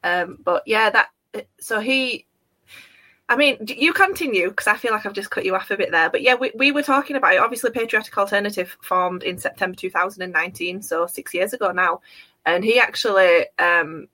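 A woman's voice: medium pitch, brisk, pushed and bright. A woman guest on a discussion show, chatty and somewhat hesitant, laughing easily. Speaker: co-host guest. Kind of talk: casual political discussion. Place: Yorkshire.

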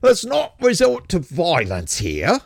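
Guy doing a squeaky flustered coward backing off a fight, prissy polite, bit gravelly. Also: wildly swooping pitch, takes it slowly, no room sound, studio quality, heavily acted. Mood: nervous. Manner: nervous laughing, prissy and overly polite. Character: flustered adult man backing out of a bar fight.

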